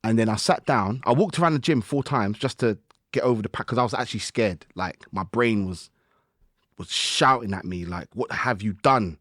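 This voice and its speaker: A man, a guest musician on a podcast, telling stories in lively slang and acting out his own inner voice. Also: lowish voice, moderate pace, no room sound, clean studio sound. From United Kingdom. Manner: animated storytelling with slang and acted-out self-talk. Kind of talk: casual podcast conversation.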